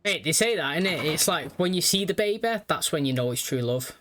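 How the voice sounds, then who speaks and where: A man's voice: a little high, lively intonation, fairly quick, a bit bright. A young man hosting a reaction video, chatty and rambling. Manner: rambling, chatty, repeats "you know what I mean". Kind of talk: casual commentary.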